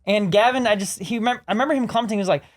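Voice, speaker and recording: A man co-hosting a podcast, telling stories in casual chat with lively, rambling delivery. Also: sits high, racing. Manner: rambling storyteller, animated. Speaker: podcast co-host.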